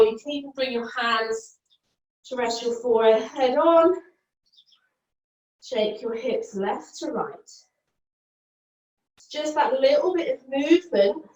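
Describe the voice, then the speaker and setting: A woman leads a yoga flow and matches every cue to inhales and exhales. Her voice sits a little high, and she talks unhurriedly. She sounds distant from the mic, in a room that echoes. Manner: calm cueing that follows the breath, with counts and options. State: out of breath at times. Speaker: yoga teacher. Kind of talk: guided yoga class instruction.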